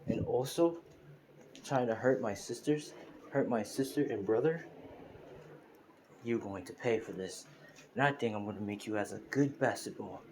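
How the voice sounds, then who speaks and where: A man's voice: lowish voice, moderate pace, pauses often, darkish tone, slight background noise, natural voice. A man voicing a cocky, proud teenage boy hero with a smug, taunting way of talking.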